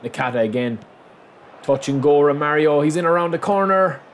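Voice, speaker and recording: A man commentating on his own football video game match, excitable, calling his viewers lads and bursting into shouts at big moments. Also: fairly high pitch, brisk, slight background noise. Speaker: gaming YouTuber.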